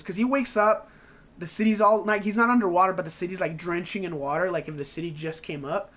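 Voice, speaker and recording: A man streaming games who rants in a casual, rambling way, swearing constantly and acting out his own reactions in quick asides. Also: high-pitched, a bit bright. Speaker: game streamer. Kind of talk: casual profane gaming rant.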